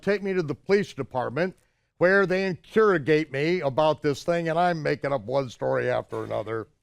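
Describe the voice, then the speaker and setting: An older man telling a personal story in an animated way, acting out the shouted exchanges in a higher voice. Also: dry recording, clean studio sound. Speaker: storyteller recounting his own travels. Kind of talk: anecdotal storytelling.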